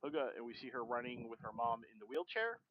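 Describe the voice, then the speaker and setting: A man streaming and casually narrating a comic aloud, in loose, halting sentences full of fillers, in a dull lo-fi recording. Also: medium pitch, big pitch swings. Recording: dull lo-fi stream mic with faint noise.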